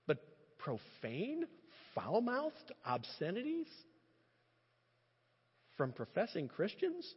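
Impassioned high-voiced male preacher, husky. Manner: impassioned, animated, with halting restarts. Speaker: pastor. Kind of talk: sermon. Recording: muffled sound with long reverb.

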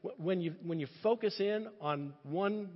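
A man preaching a sermon in an impassioned, animated way, often restarting his phrases. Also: sits high, measured pace. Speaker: pastor. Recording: muffled sound with long reverb.

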